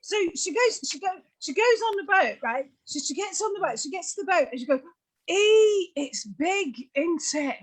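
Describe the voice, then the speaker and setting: A woman's voice: very high voice, quick pace, hardly any pauses. A woman with a British accent doing chatty, teasing stand-up comedy on a video call. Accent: British English. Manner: chatty, teasing, lively storytelling. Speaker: comedy host.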